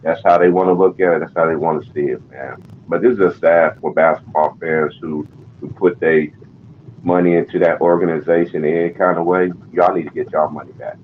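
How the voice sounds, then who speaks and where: Deep-voiced man ranting about sports. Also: fairly even intonation, a little fast. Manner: profane, exasperated ranting. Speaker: panel guest. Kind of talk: heated sports chat. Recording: dull lo-fi call audio with faint noise.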